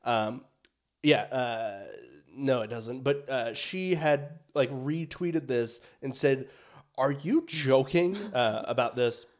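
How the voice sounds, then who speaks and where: Young man, podcast co-host, casual chat, rambling, filler words, mid pitch. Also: slow. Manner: rambling, fillers, swears for emphasis.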